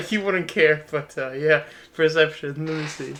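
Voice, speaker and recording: A man's voice: a little high, measured pace, bright, forceful tone, soft background music. A man playing his character in a tabletop game, playful and joking. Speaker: player. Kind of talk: casual tabletop play.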